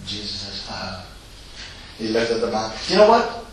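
Guy preaching in a big echoey church, bright voice, kinda far from the mic. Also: fairly low pitch, fairly quick, long pauses. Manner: animated storytelling, acting out voices of characters. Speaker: visiting preacher. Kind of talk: sermon. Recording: roomy echo, distant mic, faint hiss.

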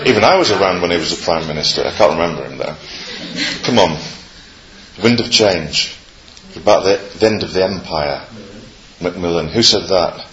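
His voice is low and a bit bright as he starts his sermon as a guest preacher with a quiz for the congregation. He's hesitant and filler-heavy but sprinkles in light jokes, and the echoey, muffled recording picks up the audience.

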